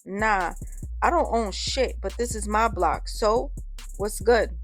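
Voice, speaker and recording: A woman's voice: medium pitch, slow, soft background music. A woman voicing a tough young male crew leader who talks in curt, blunt street slang. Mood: confrontational.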